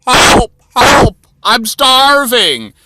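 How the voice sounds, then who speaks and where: A man voicing a starving, shackled man who shouts crude pleas and curses. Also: very high voice, sing-song, extremely slow, heavy background noise, pitched above the performer's own voice, exaggerated voice. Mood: desperate.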